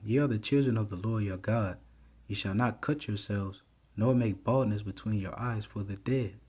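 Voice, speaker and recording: A man's voice: lowish voice, warm tone, husky. A man, teaching from scripture in a sermon, reading verses aloud and stopping every few phrases with "all right". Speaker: preacher.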